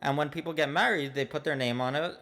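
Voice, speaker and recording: A man telling a comic personal story in a deadpan, mock-earnest way. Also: fairly high pitch, fast, big-room sound. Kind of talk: comedic personal monologue.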